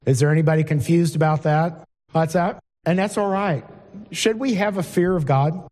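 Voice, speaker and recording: A middle-aged man preaches an informal sermon in a plain, conversational way and keeps turning to ask his listeners questions. His voice sits a little high for a man yet sounds mellow and dark. A long hall reverb trails after his words. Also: moderate pace. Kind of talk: informal sermon with Bible reading. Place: church hall before a congregation.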